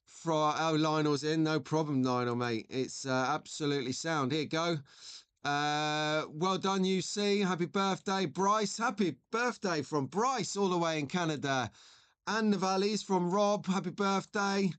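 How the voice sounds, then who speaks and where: A man's voice: fairly high pitch, a little slow, fairly bright tone, clear, resonant tone. A man in his forties hosting a live stream, chatting in a rambling way and reading out viewer messages. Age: 40s. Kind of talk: casual live-stream chat.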